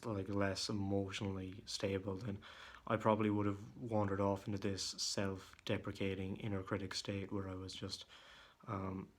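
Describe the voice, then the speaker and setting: A young man with a deep voice that sometimes cracks, venting in a casual home vlog, halting with many fillers and restarts. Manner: irritated, venting. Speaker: vlogger. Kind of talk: casual monologue. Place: room at home.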